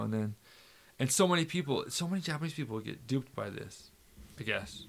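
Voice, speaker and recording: Gravelly-voiced man telling a story. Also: mid-range voice, brisk. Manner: animated storyteller who acts out quotes. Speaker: podcast host. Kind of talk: casual chat.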